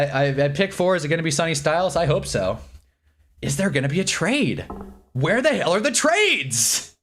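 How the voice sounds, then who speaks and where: A man hosting a live reaction stream, talking in an excitable, rambling way and laughing often. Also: medium pitch.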